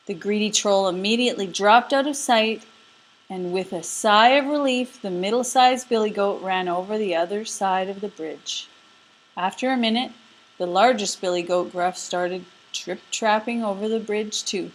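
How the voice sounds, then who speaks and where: A woman narrating a folk tale in an expressive storybook reading. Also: mid-range voice, moderate pace, poor audio.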